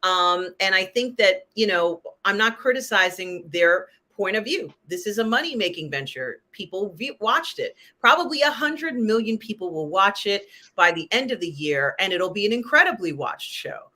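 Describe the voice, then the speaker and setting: A woman's voice: mid-range voice, expressive, normal speed, hardly any pauses, sharp tone. A woman hosting a casual live-stream pop culture chat, talking in a chatty way with many "um"s and "you know"s. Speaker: host.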